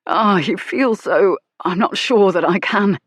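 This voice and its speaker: A woman voicing a scholarly, bespectacled duke with a raspy voice and precise, strained wording in a romance audiobook. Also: mid-range voice, measured pace, dry recording, clean studio sound.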